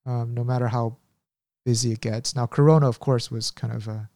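A man's voice: medium pitch, steady tone, fairly quick, warm tone, dry recording, clean studio sound. Rambling, reflective man chatting. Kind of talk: casual chat.

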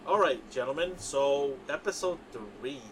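A man hosting a casual podcast chat, upbeat and quick to laugh as he leads the talk. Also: mid-range voice, expressive, background noise. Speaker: podcast host.

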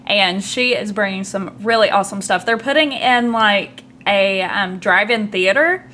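Podcast guest, woman, Southern drawl, relaxed and talkative, faint noise behind. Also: medium pitch, a little slow. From southeastern Kentucky. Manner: chatty, uses fillers, says y'all. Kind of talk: casual conversation.

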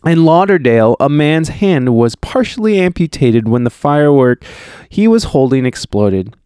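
A man's voice: fairly high pitch, very animated, normal speed, dark tone, clear, resonant tone, no room sound, clean studio sound. A man casually chatting as a podcast host, crude and rambling, with many fillers and restarts as he reads news stories aloud.

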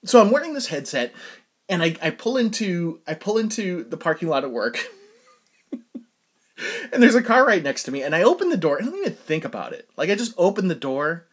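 Man, podcast host, casual solo storytelling, somewhat high voice, lively swooping pitch, self-deprecating, laughs often. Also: a little fast, breathy edge.

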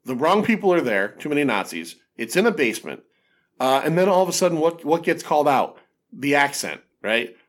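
A man's voice: fairly high pitch, very animated, a little fast. A man hosting a casual film podcast, recapping scenes with lots of fillers and restarts. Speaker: podcast host.

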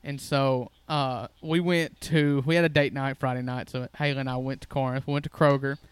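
A man's voice: medium pitch, steady tone, normal speed, clean tone, no room sound. A man, co-hosting a podcast and telling folksy, jokey stories in casual chat. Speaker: podcast co-host.

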